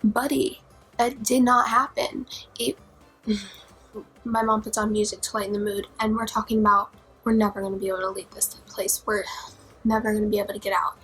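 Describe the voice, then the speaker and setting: A young woman vlogger telling a scary personal story in a dramatic, profane way, dropping to whispers and rising to near-shouts. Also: medium pitch, flat delivery, fairly quick, pauses often, breathy edge, faint music behind, poor audio. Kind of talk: storytime vlog.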